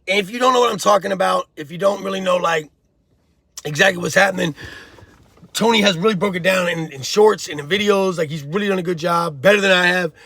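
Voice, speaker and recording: The host of a prison-life commentary channel speaks in a high-pitched, quick, gravelly voice that sounds pushed and bright, with no room sound. In his casual vlog he lectures the viewer bluntly and preachily in streetwise slang, calling them bro and homie.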